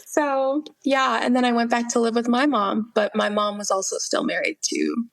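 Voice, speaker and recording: A young woman tells her personal faith testimony as a podcast guest, earnest and candid, often acting out what she said back then and laughing through painful memories. Her voice sits a bit high, with a gravelly fry running through it. She is recorded close and dry, with no room sound. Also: steady tone, normal speed, no room sound. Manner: earnest storytelling, quoting herself, laughing through hard memories.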